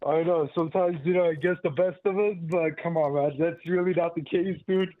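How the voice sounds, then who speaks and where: A man's voice: fairly high pitch, fairly even intonation, a little fast, dry recording. A man calling into a casual chat show, talking in a slangy, laid-back way. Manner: slangy, laid-back, says bro and dude. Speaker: caller. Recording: tinny phone line.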